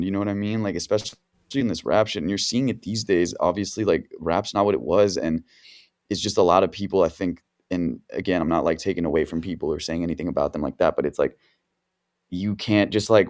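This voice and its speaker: A man's voice: deep voice, darkish tone. A man, a music producer on a podcast, telling stories in a laid-back, rambling way full of slang and fillers. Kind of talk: casual podcast storytelling.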